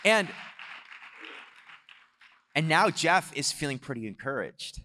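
A man preaching a sermon, telling a story in an animated way and swelling louder on his exhortations. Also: a little high, takes it slowly, a faint crowd. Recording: long hall reverb.

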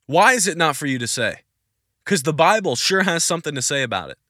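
A man's voice: fairly high pitch, big pitch swings, fairly quick, sharp tone, no echo, studio quality. A man hosting a Christian podcast Q&A, answering questions in an emphatic, insistent, preachy way and repeating his points. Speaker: podcast host.

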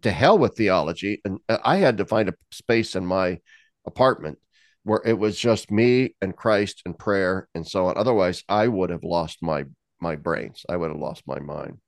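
A man's voice: deep voice, moderate pace, no room sound, clean studio sound. A man hosting a casual talk who speaks candidly, jokes and laughs often. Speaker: host. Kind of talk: casual conversation.

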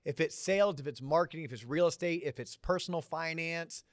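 A man's voice: fairly high pitch, a little fast, no echo, studio quality. A male host in a casual panel talk, direct and punchy, in front of a student audience. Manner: direct, gives short punchy advice. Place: university lecture hall before a student audience.

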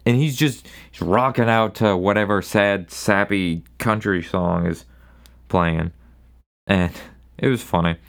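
A man's voice: on the low side, vocal fry, fairly bright tone. A young man hosting a solo podcast, telling a rambling bar story in a wry, casual way. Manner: rambling, wry, does quick voices for people in his stories. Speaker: podcast host.

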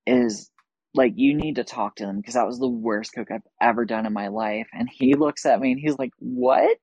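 A woman's voice: rumbling low, vocal fry, no echo, highs cut off. A woman on a podcast over a video call, telling a story casually with lots of swearing and acted-out dialogue. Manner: profane, animated, acts out quoted dialogue. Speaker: podcast guest.

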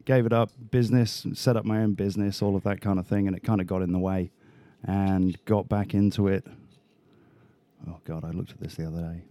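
A man's voice: low voice, steady tone, a little fast, warm tone, no room sound. A man from Australia, a podcast guest, telling rambling stories in casual chat and laughing often.

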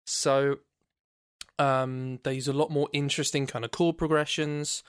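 A man's voice: medium pitch, level tone, measured pace, smooth, no room sound, clean studio sound. A British man co-hosting a podcast, rambling enthusiastically about music in casual chat. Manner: rambling, enthusiastic, laughs often. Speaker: podcast co-host.

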